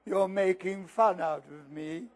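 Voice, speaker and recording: A man voicing a weepy, self-pitying teenage girl ghost with a slow, wailing delivery, reading a children's novel aloud. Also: high voice, darkish tone.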